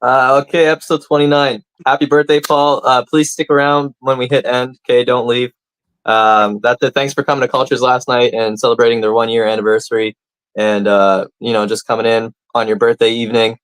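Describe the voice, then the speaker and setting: A man co-hosting a comedy podcast, giving his thoughts in a relaxed, casual way full of uhs. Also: mid-range voice, fairly quick, smooth, dry recording. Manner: relaxed, filler-heavy, with many uhs. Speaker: podcast co-host. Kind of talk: casual chat.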